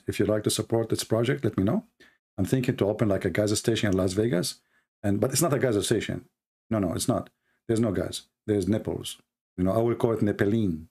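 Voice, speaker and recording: A man's voice: on the low side, brisk, darkish tone. A man hosting a live stream. He delivers sarcastic, mocking commentary.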